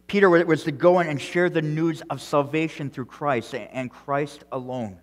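A male pastor preaching an earnest sermon, repeating words as he goes and swinging between loud emphasis and quiet, soft phrases. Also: fairly high pitch, steady tone, moderate pace, long reverb tail. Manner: earnest preaching with frequent restarts and strong swings in loudness.

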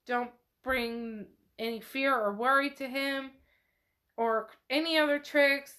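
A woman's voice: sits high, fairly even intonation, takes it slowly, sharp tone, heavily acted. Woman doing a flustered, frightened young woman doctor. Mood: pleading.

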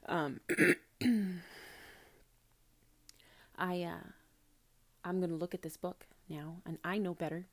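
A self-described prophetess speaks to the camera in a casual spiritual talk, her voice low-ish and steady, slow, with long pauses. She coaxes intimately, calls the listener honey, swears offhandedly and sometimes sinks into a soft whisper.

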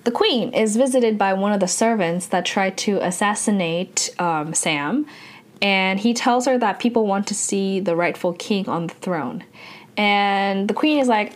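Woman, casual drama recap, chatty, lots of fillers, medium pitch. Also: moderate pace. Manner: chatty, filler-heavy retelling with quoted dialogue.

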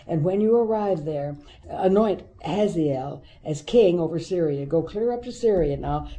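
Very dark-voiced Bible teacher. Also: medium pitch, rough recording. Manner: reads scripture aloud with emphatic asides.

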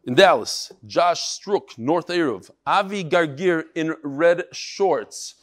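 A middle-aged man leads a Torah class, his voice a touch higher than most men's. He talks in an animated way and mixes Yiddish and Hebrew terms into his English. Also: slow pace. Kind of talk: lively class talk with readings.

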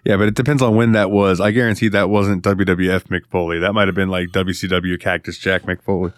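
A man's voice: sits low, little pitch movement, fast, dry recording, clean studio sound. A man co-hosting a podcast, chatting in a laid-back, casual way. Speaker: podcast co-host. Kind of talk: casual chat.

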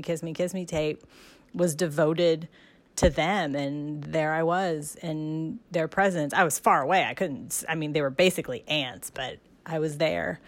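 A woman with a fairly low voice tells a personal story in a casual, emotional way. She laughs now and then and lets her sentences fade off softly. The recording is dry and close. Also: dry recording. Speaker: guest telling her fan story.

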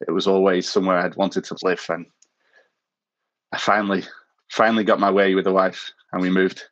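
Man, low voice, podcast guest, born in South Africa, rambling anecdotes, self-deprecating, laughs at his own jokes. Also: level tone, a little fast, muffled recording. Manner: rambling storyteller, self-mocking, chuckles at his own stories. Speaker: podcast guest, former missionary. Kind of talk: casual anecdotal interview talk.

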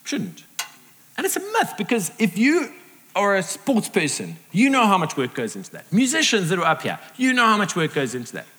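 Middle-aged man, pastor preaching a sermon; lively pitch, acts out quotes, big reverberant hall. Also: brisk. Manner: animated, acts out quoted voices. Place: large hall with audience.

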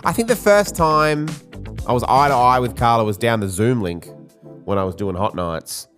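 A man hosting a casual podcast, telling animated stories and acting out loud shrieks. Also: mid-range voice, moderate pace, soft background music. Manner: lively storyteller who acts out shrieks. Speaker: podcast host. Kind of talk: casual chat.

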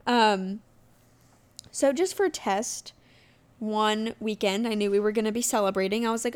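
A woman's voice: mid-range voice, normal speed, clean tone. A woman in her twenties hosting her own podcast, telling a personal story in a candid, chatty way and acting out quotes of what she and others said. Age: 20s. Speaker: podcast host. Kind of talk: casual solo podcast chat.

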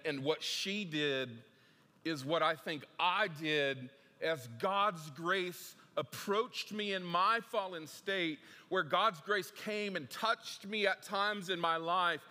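A man preaching a sermon in a conversational way, repeating words as he goes and swinging between hushed passages and emphatic ones. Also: fairly high pitch. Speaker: pastor. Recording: echoey hall with long reverb.

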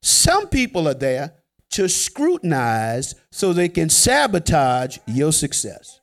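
A man delivers a sermon in a relaxed, joking tone, as if chatting with his congregation. His voice sits high for a man and leaps up and down the scale. He jumps from loud, drawn-out emphasis to quiet asides. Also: vocal fry. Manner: conversational, joking preaching with sudden swings from loud to hushed. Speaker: preacher.

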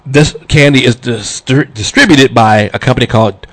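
A man hosting an internet radio show, telling a story in a loose, animated way and laughing along as he goes. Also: mid-range voice, normal speed. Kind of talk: casual on-air chat.

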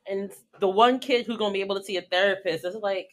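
A woman's voice: medium pitch, fairly even intonation, fast, slight background noise. A woman co-hosting a casual chat, chiming in with blunt, sarcastic jokes. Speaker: podcast co-host.

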